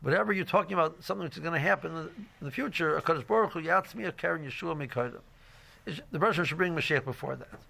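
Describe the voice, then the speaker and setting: A man's voice: on the high side, fast talker, gravelly, bright, forceful tone. A middle-aged man teaching a casual Torah class, rambling with many fillers and restarts and mixing in Hebrew phrases. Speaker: yeshiva teacher.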